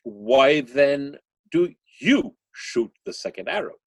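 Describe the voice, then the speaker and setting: A man voicing a calm spiritual teacher who questions his disciple, in a parable told during a chat. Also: mid-range voice, takes it slowly, husky, no room sound, voice pushed up, heavily acted. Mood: questioning.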